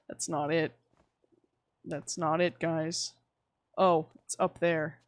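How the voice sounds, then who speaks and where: A young woman livestreaming, chatting casually while she plays, rambling and swearing with sudden animated outbursts. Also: sits low, no echo. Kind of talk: casual chat while gaming.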